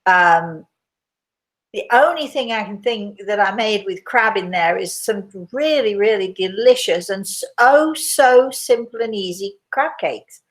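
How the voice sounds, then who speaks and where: A woman's voice: medium pitch, expressive, a little slow. An older British woman with a British accent hosting a casual livestream, chatty and rambling, laughing easily. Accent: British English. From Britain. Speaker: host. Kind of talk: casual livestream chat with audience questions.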